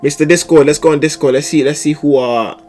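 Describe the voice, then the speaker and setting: A young man streaming live, chatting casually and animatedly, with sudden loud outbursts and laughter between mumbled asides. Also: fairly high pitch, fairly even intonation, fast, soft background music. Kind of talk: casual livestream chat.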